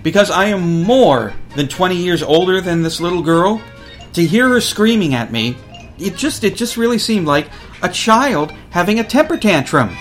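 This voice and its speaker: A man's voice: a little high, animated, normal speed, a bit bright, faint music behind. A man hosting a college radio show, telling a story casually and acting out other people's lines.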